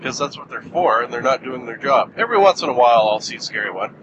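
A man's voice: medium pitch, animated, quick pace, highs cut off, background noise. A man giving a casual, rambling film review, joking and filling gaps with lots of "uh"s. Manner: rambling, jokey, many fillers. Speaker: movie reviewer host.

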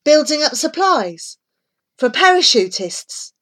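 A woman's voice: high-pitched, very animated, takes it slowly, a bit bright, voice pushed up, exaggerated voice. A woman playing a nervous, frightened boy. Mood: worried. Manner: hissing, gasping.

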